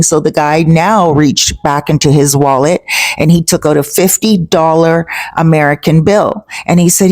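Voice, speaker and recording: A woman talks to her audience in a casual, storytelling vlog voice. She sits a bit low in pitch, and the sound is close and dry with no room in it. She keeps checking in with her listeners as she goes. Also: moderate pace, a little mellow, no room sound. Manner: chatty, asks "right?" and "you know?" to check in with viewers. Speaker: travel vlogger living abroad.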